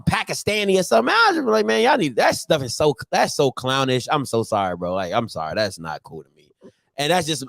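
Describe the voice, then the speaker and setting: A man, hosting a casual sports chat to camera, ranting and poking fun at old-timers with loud put-on voices. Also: fairly high pitch, no echo, studio quality. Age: 30s. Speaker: show host.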